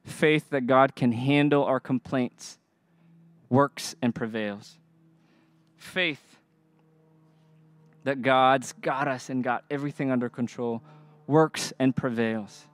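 A man's voice: mid-range voice, fairly even intonation, takes it slowly, long pauses. A young adult man preaching a sermon, earnest and emphatic, asking the congregation to respond. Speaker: pastor.

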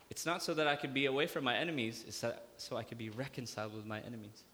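Pastor preaching in a reverberant hall. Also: male voice, mid-range voice, fast talker, hardly any pauses. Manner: lively preaching with jokes and acted-out asides. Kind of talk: sermon. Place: church hall.

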